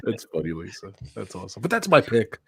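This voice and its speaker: A man chatting casually on a live stream, with a relaxed, easygoing manner and frequent chuckles. His intonation rises and falls a lot. He speaks from a video call setup. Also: lowish voice, quick pace, husky, no echo, studio quality. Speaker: co-host panelist.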